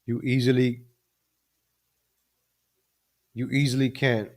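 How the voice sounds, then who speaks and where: A man rants over the news on his live stream, calling out "ladies and gentlemen" again and again. He speaks fairly quickly at medium pitch in a level tone.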